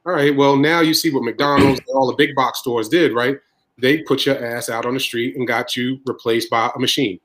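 A man's voice: mid-range voice, fairly even intonation, moderate pace, fairly bright tone, low-quality recording. A man who owns a deli, talking in a casual podcast discussion and repeating his points for emphasis. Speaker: deli owner, podcast host.

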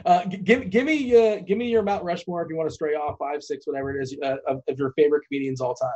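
Male podcast host, mellow husky voice, muffled lo-fi sound, brief casual interjections. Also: a little high. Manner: short interjections and quick questions.

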